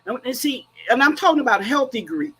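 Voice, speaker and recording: A woman's voice: high voice, sing-song, fairly quick, sharp tone, breathy edge, rough recording. A woman grief coach speaking earnestly and emphatically in a faith-based, preacherly way. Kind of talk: faith-based conversational talk.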